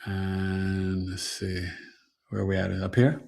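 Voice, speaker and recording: A man's voice: low voice, takes it slowly, creaky. Emphatic, slangy male astrologer host. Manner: animated, preachy, slangy and emphatic. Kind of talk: casual livestream advice talk.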